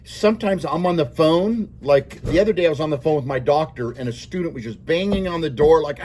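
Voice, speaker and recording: A man's voice: fairly high pitch, fairly quick, few pauses, noisy background. A middle-aged man, a teacher, giving his class a rambling, informal talk, often chuckling and checking in with "okay?".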